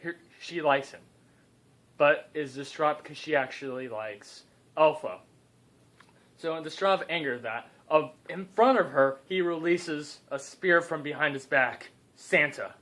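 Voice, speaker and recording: A man's voice: on the high side, measured pace, a bit bright. A young man improvising a comedic story, rambling and cutting in with joking asides.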